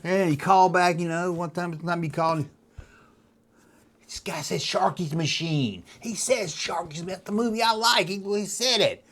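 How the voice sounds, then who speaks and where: A man's voice: sits high, fairly even intonation, brisk, hardly any pauses, fairly bright tone. A man in his fifties hosting a video, rambling in a casual, chatty way as he reminisces. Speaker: YouTube host. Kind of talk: casual nostalgic monologue.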